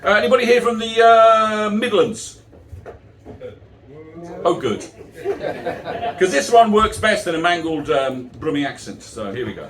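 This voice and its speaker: A man's voice: high voice, very animated, measured pace, pauses often, fairly bright tone, a little hiss or hum. A middle-aged man giving a live poetry performance, mixing rhyming verse with wry, self-mocking asides. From England. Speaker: poet. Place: chapel venue. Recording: roomy, distant live recording.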